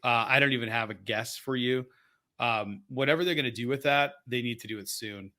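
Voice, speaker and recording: A man co-hosting a podcast in casual chat, excitable and rambling, often laughing as he talks. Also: mid-range voice, fairly quick. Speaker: podcast co-host.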